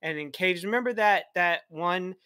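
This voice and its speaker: A man's voice: high-pitched, normal speed, sharp tone, smooth, dry recording, clean studio sound. A polite man calling in to a casual chat, talking hesitantly with many fillers. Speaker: caller.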